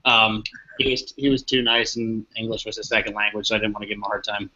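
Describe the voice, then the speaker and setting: Teasing man with bright tone. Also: fairly low pitch, completely flat delivery, fast talker, lo-fi sound, slight background noise. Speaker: guest. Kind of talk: casual live panel chat.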